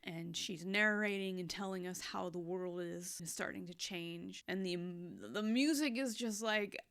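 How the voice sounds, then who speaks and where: A young woman chatting casually about a series she watched, heartfelt and expressive, moving between hushed and loud. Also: mid-range voice, measured pace, gravelly. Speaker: anime reaction vlogger. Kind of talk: casual recap chat.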